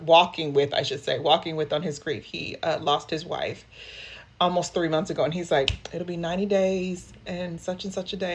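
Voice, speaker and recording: A woman grief counselor with a somewhat low voice shares personal things openly with her listeners. She talks in an emotional, unguarded way and keeps calling them y'all. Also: slightly rough. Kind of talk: candid personal talk to viewers.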